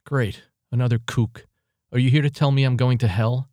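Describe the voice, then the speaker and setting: A man's voice: medium pitch, fairly even intonation, moderate pace, dark tone, no room sound, close to an everyday voice. A bitter young female inmate, voiced by a male narrator, snapping back with sarcasm and open hostility. The reading sits close and dry, with little room sound. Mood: scornful.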